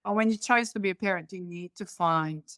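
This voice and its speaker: A woman's voice: on the low side, a little fast, fairly bright tone, no room sound. A woman in her fifties speaks English with a Croatian accent and loose, non-native grammar. She wanders from one family story to the next in a casual conversation. The sound is dry and close. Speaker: guest.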